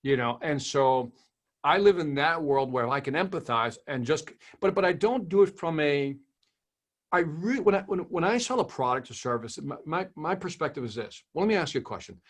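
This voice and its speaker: A man's voice: on the high side, animated, moderate pace. A man speaking as a sales trainer in an interview, emphatic, asking rhetorical questions and repeating phrases. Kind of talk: interview conversation.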